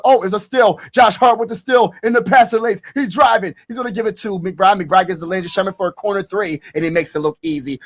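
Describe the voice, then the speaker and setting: A man with a high voice calls a basketball game play by play on a live stream. He talks loose and slangy, urging his viewers along and breaking into excited shouts when a big play lands. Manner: casual slangy talk. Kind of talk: live play-by-play commentary with reactions.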